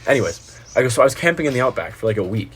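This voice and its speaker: A young American man telling a story in casual podcast chat, animated and swearing freely, jumping into voices of the people in it. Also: mid-range voice, very fast, husky. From United States. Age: young adult. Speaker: guest.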